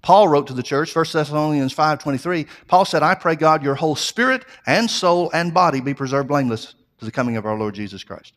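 A pastor preaching a sermon in an earnest way, often restarting phrases and building emphasis. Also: male voice, on the high side, lively intonation, fairly quick, hardly any pauses, fairly bright tone. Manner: repeats himself, restarts phrases.

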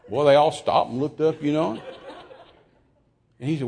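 A man preaching, telling a story in a folksy, humorous and animated way with sudden loud outbursts. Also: on the high side, fairly quick, pauses often, slightly rough. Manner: animated, folksy, acts out quotes with sudden shouts; humorous, laughs at his own stories. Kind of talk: sermon storytelling.

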